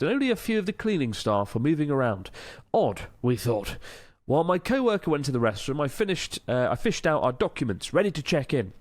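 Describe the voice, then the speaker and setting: A man's voice: on the high side, dry recording, studio quality. A man hosting a podcast, chatting casually and reading out listener letters, swearing freely and laughing through his stories. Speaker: podcast host.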